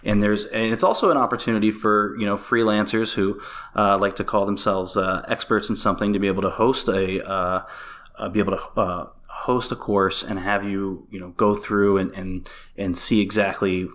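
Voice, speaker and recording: A man talking as a guest on a business podcast, animated and casual, with many fillers and restarts. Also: fairly low pitch, normal speed. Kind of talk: casual interview chat.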